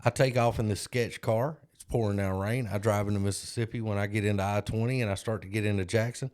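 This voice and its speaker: A man with a fairly low voice co-hosts a podcast. He tells his stories in a loose, casual way, pokes fun at himself, and slips into the voices of the people he quotes. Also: steady tone, quick pace, a little mellow. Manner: self-deprecating, acts out other people's lines. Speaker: podcast co-host. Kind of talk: casual storytelling.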